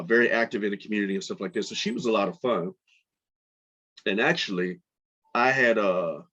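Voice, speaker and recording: A middle-aged man hosting his podcast, telling a personal story in a casual, animated way with lots of fillers. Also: lowish voice. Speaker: podcast host. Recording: dull lo-fi podcast audio.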